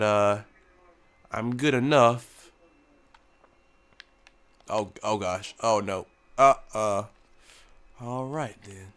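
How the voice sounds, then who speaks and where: Young male gamer with a cold, goofy mock-pilot patter, bright tone, slow delivery. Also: mid-range voice, clear, resonant tone. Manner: joking, plays a mock tour pilot. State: sick, coughing. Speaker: gaming YouTuber. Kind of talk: casual gameplay commentary.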